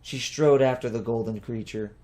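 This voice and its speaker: Casting: male audiobook narrator, mid-pitched, steady plain storybook reading. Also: normal speed.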